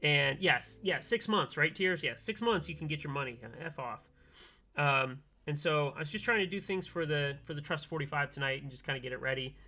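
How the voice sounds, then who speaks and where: A man streaming from his workbench, telling a long story in animated casual chat and acting out both sides of a phone call. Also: fairly high pitch, brisk. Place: home workbench, soldering keyboards.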